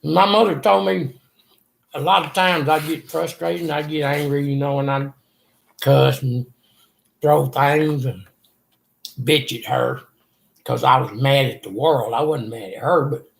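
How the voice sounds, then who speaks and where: A man's voice: mid-range voice, steady tone, a little slow, creaky, long pauses. An older man, earnestly telling a rambling personal story in an interview. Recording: echoey room.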